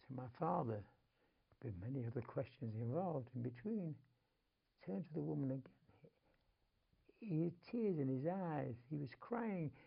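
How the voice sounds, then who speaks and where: An older Manchester man with a gravelly, husky voice and a Manchester accent recounts a family story as an interview guest. He speaks on the high side, expressively, at a moderate pace with frequent pauses, his emotion swinging from whispers to urgent outbursts. The audio has its highs cut off.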